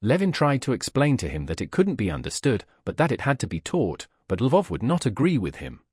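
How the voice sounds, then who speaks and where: Audiobook narrator, man, husky voice, lively pitch, dry close recording. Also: fairly quick, dry recording. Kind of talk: scripted narration of a classic novel.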